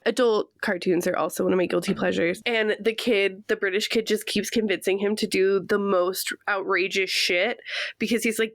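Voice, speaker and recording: A woman's voice: medium pitch, fairly even intonation, moderate pace, dry recording. Chatty American woman, dry close sound. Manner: chatty, laughs often, enthusiastic. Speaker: podcast co-host. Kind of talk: casual chat. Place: her room at home.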